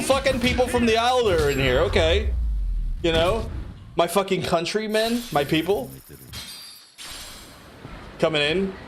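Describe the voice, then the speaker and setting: A man's voice: high voice, a bit bright, a little hiss or hum. A man with a Belfast accent chatting casually while streaming a game, rambling and swearing with many fillers and restarts.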